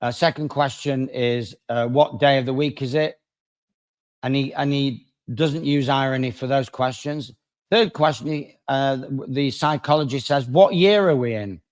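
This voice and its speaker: A man, a lawyer appearing as a guest, telling a story in conversation with dramatic swings between loud and quiet. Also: mid-range voice, measured pace. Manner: animated, dramatic swings in loudness.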